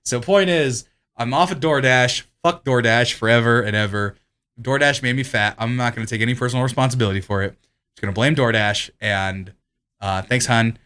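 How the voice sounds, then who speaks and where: A man's voice: medium pitch, a little fast, fairly bright tone, clean tone. A man co-hosting a podcast in casual chat, rambling and profane, laughing often as he tells stories. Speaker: podcast co-host.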